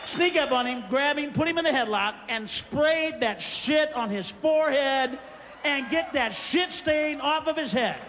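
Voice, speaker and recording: High-pitched screaming stand-up man. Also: unhurried, fairly bright tone. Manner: screaming rants that erupt from wry asides. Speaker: stand-up comedian. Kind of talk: stand-up comedy. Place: live comedy stage. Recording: live stage in a reverberant hall with crowd. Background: audience noise and laughter.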